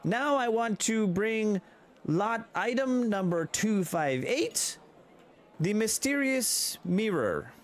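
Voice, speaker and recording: A prim, officious lady auctioneer calling out lots in a tabletop fantasy game, as a man puts her on. She speaks high and slow, drawing out each word with ceremony. Her delivery swoops up and down. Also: lively intonation. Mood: announcing. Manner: high, drawn-out announcing voice. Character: fussy, officious female auctioneer.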